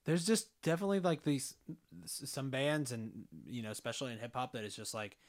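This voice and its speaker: A man's voice: medium pitch, fairly quick. A young man on a podcast, talking in a hesitant, musing way with frequent laughs. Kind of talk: casual chat.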